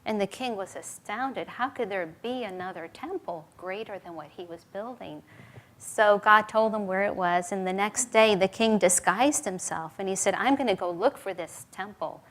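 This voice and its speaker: Woman, middle-aged, spiritual teacher. Gentle, earnest devotional storytelling. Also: mid-range voice, moderate pace.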